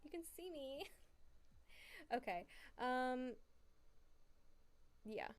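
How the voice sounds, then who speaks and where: A woman's voice: high-pitched, expressive, extremely slow. A woman streamer chatting casually from a small room at home, giggly and rambling, with many fillers. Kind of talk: casual livestream chat.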